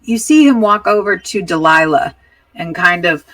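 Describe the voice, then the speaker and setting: Low-voiced woman game master, filler-heavy. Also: lively intonation, fairly bright tone, recorded from a distance, rough recording. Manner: casual, many filler pauses. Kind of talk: narrating a tabletop game.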